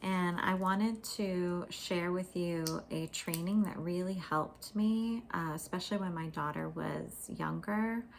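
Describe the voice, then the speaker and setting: Woman, podcast host, casual monologue, calm, very slow, lowish voice. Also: gravelly, a little hiss or hum. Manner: calm, unhurried, explains with occasional laughs.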